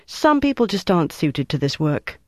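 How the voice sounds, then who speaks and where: A man reading an audiobook, voicing a tough, tired female agent in a brisk, clipped way. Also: a little high, big pitch swings, darkish tone, no echo, studio quality. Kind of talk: audiobook character voice.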